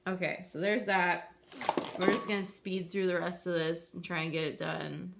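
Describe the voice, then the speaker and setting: A woman's voice: lowish voice, little pitch movement, normal speed, gravelly, slight background noise. A woman vlogger chatting casually to viewers while doing her makeup, rambling and self-deprecating.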